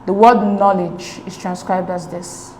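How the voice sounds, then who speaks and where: A woman's voice: on the low side, fairly even intonation, measured pace, dark tone, reverberant, a little hiss or hum, low-quality recording. A woman tutoring an English exam lesson, explaining each answer step by step and checking in with "okay?" as she goes. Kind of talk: recorded exam-prep lesson.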